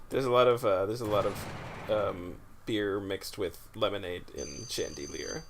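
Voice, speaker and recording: A man's voice: fairly low pitch, takes it slowly, creaky, noisy background. A man at the controls of a let's play, giving casual gameplay commentary in an easygoing manner, laughing along and asking questions.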